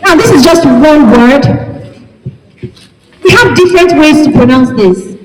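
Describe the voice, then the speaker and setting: A woman from Nigeria teaching an English class, speaking slowly and emphatically and spelling words out letter by letter. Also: sits high, big pitch swings. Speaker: English lecturer. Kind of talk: classroom lecture. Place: large lecture hall. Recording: echoey lecture hall, long reverb.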